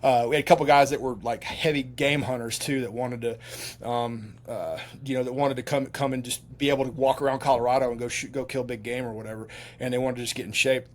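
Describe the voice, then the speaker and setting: A middle-aged male veteran telling stories as an interview guest, animated and rambling, full of fillers and restarts. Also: medium pitch, quick pace. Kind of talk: casual storytelling interview.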